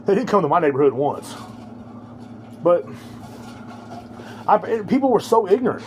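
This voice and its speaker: A man's voice: on the high side, very animated, moderate pace, pauses often, darkish tone, a little hiss or hum. A man hosting a podcast, ranting alone in a heated, rambling, profane way. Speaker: podcast host. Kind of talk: casual ranting monologue.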